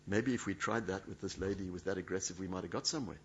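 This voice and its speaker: Emphatic husky male preacher. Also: low voice, sing-song, fast, few pauses. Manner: emphatic, dramatic, acts out quoted speech. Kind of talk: sermon. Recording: dull lo-fi sound.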